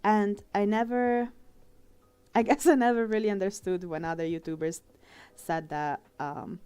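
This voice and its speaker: A young adult woman livestreaming her drawing, talking in a heartfelt, emotional way with many pauses and fillers. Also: mid-range voice, fairly even intonation, darkish tone, clear, resonant tone. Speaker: art streamer. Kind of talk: casual live-stream chat while drawing.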